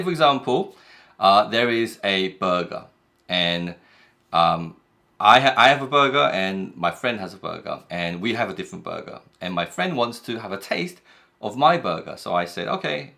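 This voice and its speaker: A man teaching Korean grammar in English, explaining patiently and reading example phrases quickly. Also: low voice, expressive, vocal fry, pushed and bright.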